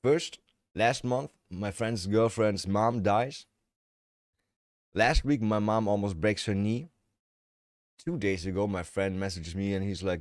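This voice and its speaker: A livestream host chats casually and bluntly while narrating and paraphrasing a video, swearing and laughing now and then. His lowish voice is unhurried with long pauses. The sound is clean studio quality with no room sound.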